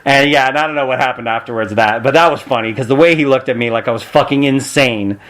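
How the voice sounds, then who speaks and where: A man, a guest wrestler, telling stories in casual chat, animated and acting out voices with frequent laughs. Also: mid-range voice, fast. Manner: animated, acts out voices in anecdotes, laughs often. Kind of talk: casual storytelling.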